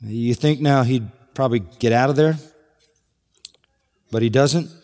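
A man's voice: mid-range voice, a little slow, darkish tone. A man preaching a sermon, walking through a passage verse by verse with rhetorical questions. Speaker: pastor. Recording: long hall reverb.

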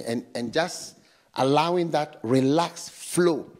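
A man preaching a slow, emphatic sermon in church, stopping often for call-outs to the congregation. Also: high-pitched, animated. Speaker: pastor.

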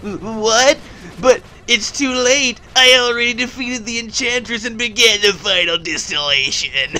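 A man's voice: very high voice, measured pace, bright, forceful tone, a little hiss or hum, heavily acted, rough recording. A man voicing a determined male alchemist knight from a game, reading its dialogue aloud in a dramatic voice. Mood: earnest.

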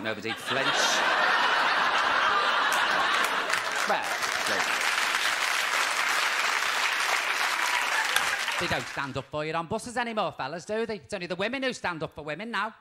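A man playing a brassy, foul-mouthed middle-aged woman, in cheeky, swearing comedy banter over loud studio laughter. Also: on the high side, heavy background noise. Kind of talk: TV comedy show outtakes. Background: studio audience laughing.

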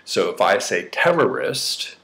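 Middle-aged new york guy, lowish voice, talks thru a lesson casually, lots of uhs and restarts. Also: big pitch swings, unhurried, a bit bright. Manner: conversational and explanatory, with frequent fillers and restarts. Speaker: psychotherapist teaching a course. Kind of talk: casual spoken lecture.

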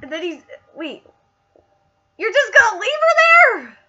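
A woman who is sick, streaming a casual live reaction and gushing excitedly as she reads along. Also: very high voice, unhurried, dull audio. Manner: gushing, excitable, squeals over scenes.

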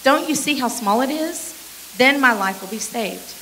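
Bright-voiced woman pastor reading scripture. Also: high-pitched, lively intonation, normal speed, slight background noise, rough recording. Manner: reads scripture aloud with brief asides to the congregation.

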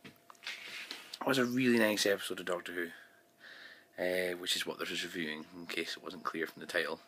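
A man's voice: low-pitched, fairly even intonation, moderate pace, pushed and bright, slight background noise. A man giving a casual, rambling vlog review of a TV episode, recorded on his phone, full of fillers and restarts.

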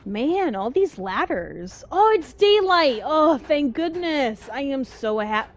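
Young adult woman, gaming host, let's-play chatter, high lively voice, unhurried pace, excitable and jumpy. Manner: excitable, yells at the game, jumpy. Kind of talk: casual let's-play commentary.

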